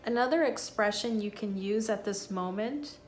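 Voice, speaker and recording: A woman teaching an English lesson, modelling phrases slowly and clearly. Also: medium pitch, faint music behind. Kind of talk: scripted lesson.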